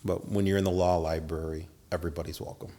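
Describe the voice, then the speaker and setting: A man's voice: sits low, level tone, fast talker, mellow. A middle-aged man telling stories as a podcast guest, acting out quotes with big jumps in his voice and swearing freely. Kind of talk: storytelling interview.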